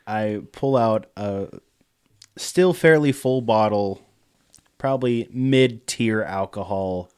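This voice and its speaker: A man's voice: on the low side, slow pace, a little mellow, smooth. A man playing a tabletop game, laid-back and easygoing in his talk. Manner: laid-back, laughs often. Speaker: player. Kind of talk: casual tabletop role-play.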